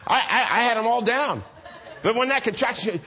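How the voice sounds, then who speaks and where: A man preaching a storytelling sermon, animated, acting out the voices in his stories and laughing often. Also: very high voice, moderate pace, slight background noise.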